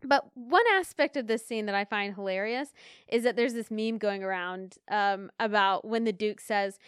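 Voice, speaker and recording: A young woman co-hosting a podcast, chatting in an animated, opinionated way and slipping into rants. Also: medium pitch, moderate pace, clean tone, no echo, clean studio sound. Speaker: podcast co-host. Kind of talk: casual chat about a period drama.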